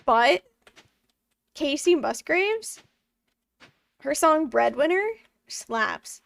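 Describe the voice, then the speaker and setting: A woman's voice: high voice, animated, drawn-out words, creaky, fairly bright tone, no echo, distant mic. A woman in her twenties streaming a farming game from home, chatting casually with her chat and laughing often. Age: 20s. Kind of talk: casual live-stream chat while gaming.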